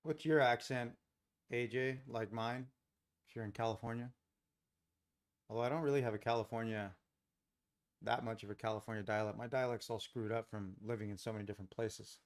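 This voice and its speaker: A man hosts a live day-trading stream in an easygoing, rambling way, drifting between chart talk and stories. He chuckles often, and his voice sits at an ordinary middle pitch. He grew up in Los Angeles. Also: fairly even intonation, a little fast, long pauses. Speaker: day trading livestream host. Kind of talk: casual live commentary, chatting with viewers. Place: home trading setup.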